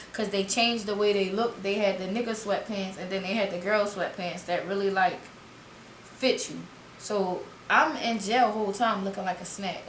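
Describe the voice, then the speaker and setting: A woman's voice: medium pitch, fairly bright tone. A young woman telling a storytime vlog, dramatic and profane, speaking straight to her viewers. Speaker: vlogger. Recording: roomy echo, faint ambient noise.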